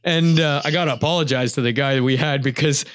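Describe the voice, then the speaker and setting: A man telling a lively hunting story in casual chat, acting out what people said and laughing often. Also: mid-range voice, fast, no echo. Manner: animated storytelling, acts out quotes, laughs often.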